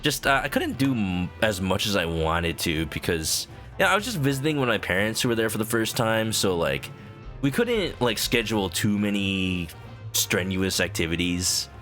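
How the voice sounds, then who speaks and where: A man's voice: fairly low pitch, very animated, normal speed, a bit bright, soft background music. A man chatting casually with viewers while playing a game on stream, rambling with lots of "like" fillers.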